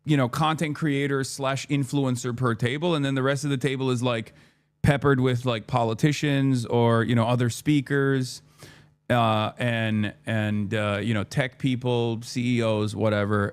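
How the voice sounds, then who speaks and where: A man's voice: medium pitch, a little slow, clear, resonant tone. A man in his thirties, a streamer, casually telling a story, swearing often and acting out his own lines of dialogue. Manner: profane, animated, acts out his own dialogue.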